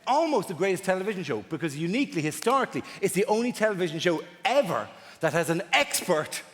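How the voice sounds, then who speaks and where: A man doing stand-up comedy on a large theatre stage, chatting with the crowd in an animated way and throwing rhetorical asides to the audience. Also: sits high, fast talker. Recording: roomy hall with loud audience noise.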